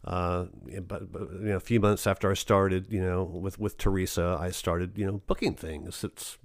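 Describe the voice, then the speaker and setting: A man chats about his acting work in a relaxed interview. His voice sits on the low side and sounds close and dry. He rambles, stumbling through restarts and fillers. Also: normal speed, no echo. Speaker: actor, interview guest. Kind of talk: casual conversational interview.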